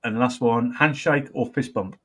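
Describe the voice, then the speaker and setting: A man's voice: mid-range voice, moderate pace, fairly bright tone, breathy edge. A middle-aged man hosting a casual chat, easygoing and hesitant, with frequent uhs. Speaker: host.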